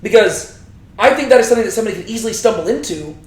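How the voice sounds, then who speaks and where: A young man leading a casual Bible study, lively and conversational, asking his group questions as he explains the text. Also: sits high, rapid-fire. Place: echoey room with a small group. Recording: roomy echo.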